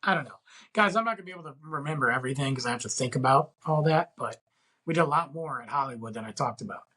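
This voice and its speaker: A man's voice: medium pitch, expressive, quick pace, pushed and bright, slightly rough, low-quality recording. A middle-aged man hosting a casual solo podcast, telling a story in a rambling way with lots of fillers. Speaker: podcast host.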